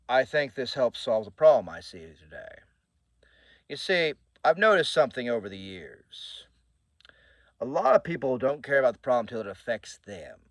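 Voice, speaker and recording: A man's voice: medium pitch, no echo. A man hosting his own channel, giving a casual update in an earnest, rambling way with restarts. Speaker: channel host and author.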